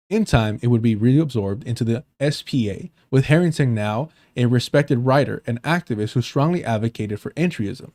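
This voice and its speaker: Profane, joking streamer with a mellow voice. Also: male voice, mid-range voice, no room sound. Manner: profane, joking asides between reading. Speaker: livestream host. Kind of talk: casual livestream commentary, reading an article aloud.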